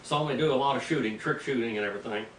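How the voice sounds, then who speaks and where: Older preacher telling a folksy tale, roomy. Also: male voice, mid-range voice, very fast. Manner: folksy, animated storytelling with sudden loud bursts. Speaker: pastor. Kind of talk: storytelling sermon. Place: mission field, preaching to a group. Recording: roomy, distant mic with faint ambient noise.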